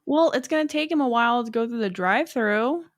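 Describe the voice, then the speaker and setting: A woman co-hosting a podcast, chatting casually with short, low-key replies. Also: animated, fairly quick, no echo, clean studio sound. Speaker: podcast co-host. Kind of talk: casual chat.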